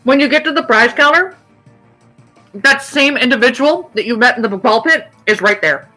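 A woman's voice: a little high, expressive, normal speed, sharp tone, soft background music, rough recording. A young adult woman narrating as game master for a tabletop game, casual and playful, laughing often.

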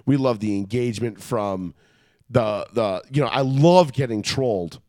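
A man co-hosting a casual sports podcast, talking in an animated, profane, heated, ribbing way. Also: mid-range voice, unhurried, no echo, studio quality. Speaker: podcast co-host.

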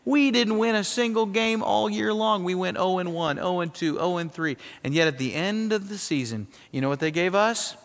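High-voiced preacher in a reverberant hall. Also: male voice, moderate pace, hardly any pauses, a little hiss or hum. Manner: animated, emphatic preaching with rhetorical questions. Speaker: pastor. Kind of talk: sermon. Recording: long reverb of a large hall.

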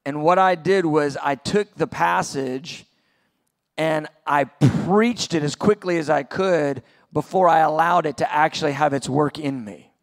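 High gravelly earnest preacher man. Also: unhurried. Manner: earnest, builds to impassioned peaks. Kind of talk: sermon. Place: large venue, conference session.

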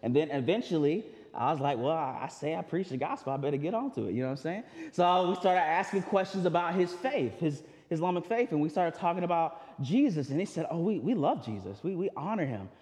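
High-voiced pastor in a hall. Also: male voice, expressive, brisk, few pauses, darkish tone. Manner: conversational preaching with frequent restarts and asides. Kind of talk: sermon. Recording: long hall reverb.

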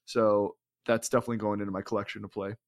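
A man's voice: lowish voice, level tone, quick pace. A man co-hosting a podcast, telling an enthusiastic, rambling story in casual chat, full of fillers and restarts. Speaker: podcast co-host.

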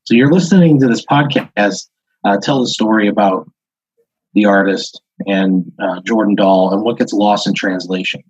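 Speaking at a normal pace, a podcast host with a husky, low voice spins an improvised story told in the second person, filled with "like" and "uh" as he rambles. The audio is dull and lo-fi, from a basic podcast setup, without any echo.

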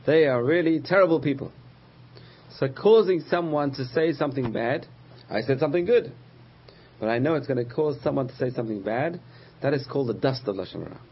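A man teaching a religious lesson, patiently explaining terms, repeating key words and pausing with frequent uh's. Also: mid-range voice, animated, breathy edge, muffled recording. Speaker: Torah teacher.

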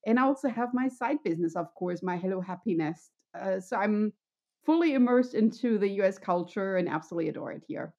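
A woman with a German accent, chatting as an interview guest in a friendly, upbeat way. Her voice sits at a middling pitch. The audio is dull and lo-fi. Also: expressive, a little fast, a little mellow. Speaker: podcast guest, wellness coach. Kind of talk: conversational interview.

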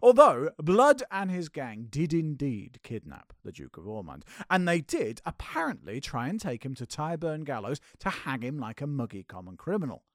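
A man's voice: a little high, huge pitch swings, moderate pace, few pauses, dry recording, clean studio sound. A man hosting and narrating a comedy history podcast in a theatrical, playful way. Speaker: host and narrator.

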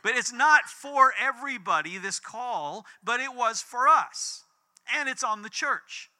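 Bright, animated male preacher. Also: unhurried. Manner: animated storytelling with big swings in pitch and volume. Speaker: pastor. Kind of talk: sermon.

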